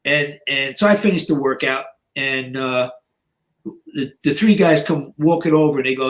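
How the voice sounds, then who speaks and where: A man's voice: medium pitch, moderate pace. A man in his sixties, a podcast guest, telling stories in a blunt, profane way, full of "you know" fillers and acting out other people's lines. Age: 60s. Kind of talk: casual storytelling.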